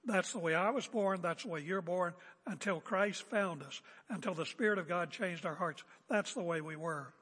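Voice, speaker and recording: High-pitched, husky preacher man. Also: normal speed, few pauses, a bit bright. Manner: emphatic, confrontational preaching with repeated phrases. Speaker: pastor. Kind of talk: sermon. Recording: echoey hall with long reverb.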